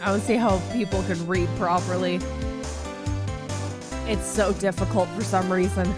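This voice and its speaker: A woman's voice: fairly low pitch, fairly even intonation, normal speed. A woman streamer giving chatty, playful commentary while playing a video game, with game music behind. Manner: chatty, giggly, playful asides. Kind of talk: casual live-stream commentary.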